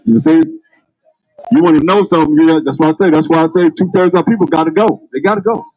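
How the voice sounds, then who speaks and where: Husky high-voiced man street preaching. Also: fast, darkish tone, no echo, rough recording. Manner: calls out to passers-by, emphatic, laughs. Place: outdoors on a street.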